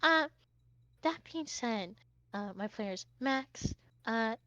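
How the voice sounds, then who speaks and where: A woman's voice: a little high, animated, takes it slowly, pushed and bright, dry recording, lo-fi sound. A woman narrating as game master of a tabletop game, chatty and rambling with many fillers.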